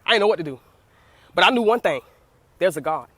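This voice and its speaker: A woman's voice: fairly low pitch, lively intonation, fast, a bit bright, dry recording. A young woman giving a fervent preaching testimony, repeating phrases and calling out to her listeners again and again. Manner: fervent, repeats phrases and calls "you hear what I say?" to listeners. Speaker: speaker giving a personal testimony.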